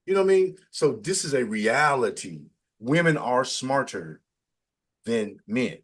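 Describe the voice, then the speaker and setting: A middle-aged man interviewing in casual chat, talking in a preachy, emphatic way, his pitch jumping up to stress a point. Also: very animated, measured pace, a bit bright, slightly rough.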